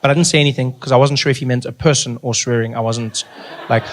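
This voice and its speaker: A man telling a stand-up story, relaxed, mimicking the people he meets. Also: medium pitch, fast, background noise. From South Africa. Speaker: stand-up comedian.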